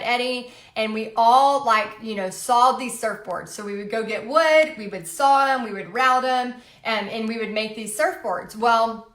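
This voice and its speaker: Woman in her late 30s, livestream host, chatty and animated storyteller, slightly high voice, roomy echo. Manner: chatty, animated, frequent fillers. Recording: echoey room.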